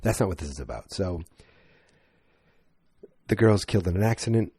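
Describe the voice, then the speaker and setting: A man's voice: sits low, lively intonation, moderate pace, dark tone, slightly rough, dry recording, clean studio sound. A man hosting a podcast, giving a casual, rambling movie review monologue that often corrects itself. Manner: rambling, self-correcting, chatty. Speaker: podcast host.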